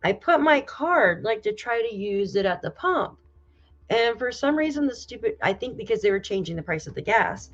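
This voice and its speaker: A woman from New York State hosting a casual livestream, reading viewer comments aloud and reacting with loud exclamations and casual swearing. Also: a little high, animated, normal speed. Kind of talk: casual live chat. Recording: slightly dull lo-fi audio.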